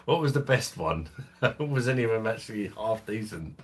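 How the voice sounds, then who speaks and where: A man's voice: fairly low pitch, expressive, moderate pace, slightly rough. A man hosting a beer channel, chatting casually and swearing on a live stream from his phone at home, laughing often.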